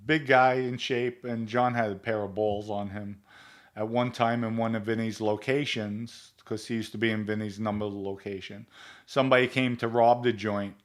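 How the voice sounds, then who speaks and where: A man, hosting a show and telling stories in a blunt, profane, casual way over a video call. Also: lowish voice. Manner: blunt, profane street talk, acts out quotes. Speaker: storyteller and show host. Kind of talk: casual storytelling.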